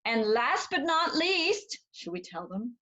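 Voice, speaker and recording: A woman playing a cheerful, motherly Mother Goose from the storybook, with a high, bright voice that lilts along in sing-song. She coaxes young listeners to join in and slips easily into sung nursery rhymes. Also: big pitch swings, highs cut off, slight background noise, heavily acted. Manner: sing-song, warmly coaxing, addresses children directly; sings and recites rhymes, rapid tongue twisters. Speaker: children's library performer. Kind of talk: interactive nursery-rhyme show for children.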